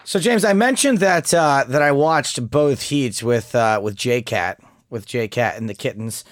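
A man co-hosting a podcast in casual chat, joking and animated with mocking asides. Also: mid-range voice, measured pace, no room sound, clean studio sound. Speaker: podcast co-host.

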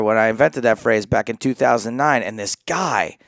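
A man's voice: mid-range voice, normal speed, a bit bright, no echo. Joking American man, dry close sound. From United States. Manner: joking, laughs often, rambling asides. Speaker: co-host. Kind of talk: casual podcast banter.

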